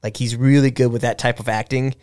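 Man, podcast host, casual chat, rambling, stop-start, mid-pitched voice. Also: little pitch movement, a little fast, darkish tone. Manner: rambling, stop-start retelling with frequent restarts.

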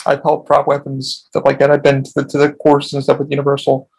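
Man, podcast host, gravelly, husky, profane, rambling casual storytelling. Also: mid-range voice, completely flat delivery, a little fast, darkish tone. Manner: profane, rambling, frequent restarts.

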